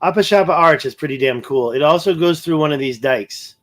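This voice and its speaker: A man with a slightly high, fairly bright voice talks briskly while hosting a casual livestream. He rambles and thinks aloud as he pans across a map and reads out comments from viewer chat.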